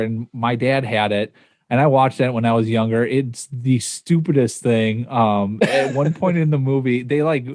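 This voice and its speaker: Male podcast co-host, casual and rambling, mid pitch, dry close mic. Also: darkish tone, dry recording. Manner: rambling, laughs at himself, many fillers. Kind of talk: casual chat.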